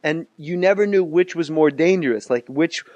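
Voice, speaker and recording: Quippy podcast host, bright-toned man. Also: on the high side, normal speed, no echo, lo-fi sound. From New Jersey, USA. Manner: jokey, cuts in with quips. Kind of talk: casual comedy chat.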